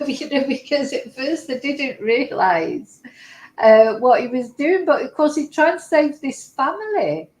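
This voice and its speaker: A woman with a fairly high voice chats live to her viewers as she reacts to clips. She talks in an emotional, exclaiming way. The sound carries a noticeable room echo. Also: animated, a little slow, a little mellow. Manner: emotional, exclaiming, tearful at moments. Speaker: YouTuber reacting to videos. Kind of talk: live casual commentary to viewers.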